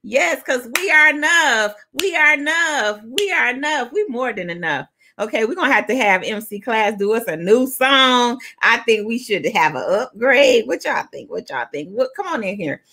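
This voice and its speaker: A woman's voice: a little high, very animated, normal speed, few pauses. Hyped-up New woman hosting. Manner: loud, hyped, playful, breaks into song. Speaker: talk show host. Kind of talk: live online talk show hosting.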